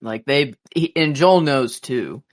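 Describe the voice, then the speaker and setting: A man's voice: mid-range voice, slow pace. A man co-hosting a podcast who reacts to a TV recap with short, casual remarks. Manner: chimes in with short reactions and agreement. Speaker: podcast co-host.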